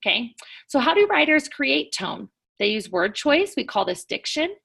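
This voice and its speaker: A woman teacher recording a lesson, talking clearly and stressing words as she reads examples aloud. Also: high voice, very animated, normal speed, a bit bright.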